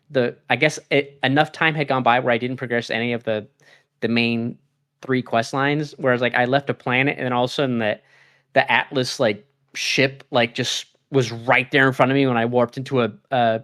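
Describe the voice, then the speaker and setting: A young man on a casual gaming podcast rambles through his stories, laughing often. His voice sits at a middle pitch and leaps upward whenever he plays out his own reactions, keeping the talk animated. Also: a little fast. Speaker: podcast co-host.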